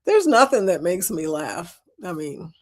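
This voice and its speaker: She's a livestream host with a fairly low, slightly mellow voice that swings widely in pitch while keeping a measured pace. In a casual chat, she goes through viewer comments, giggling, talking easily, and calling everyone y'all.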